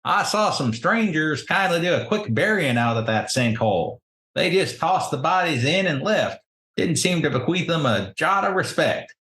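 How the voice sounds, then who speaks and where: A man doing a creaky old backwoods drawl. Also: fairly high pitch, expressive, normal speed, a bit bright, voice pushed up. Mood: wary. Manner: rural drawl. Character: grizzled old backwoods man, odd and cryptic. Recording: roomy echo.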